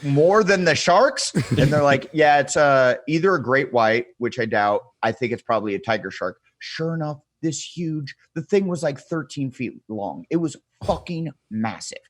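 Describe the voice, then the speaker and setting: Lively, profane storytelling man. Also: medium pitch, normal speed, hardly any pauses, dry recording. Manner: animated, profane, acts out quoted people. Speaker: podcast guest. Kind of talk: casual storytelling.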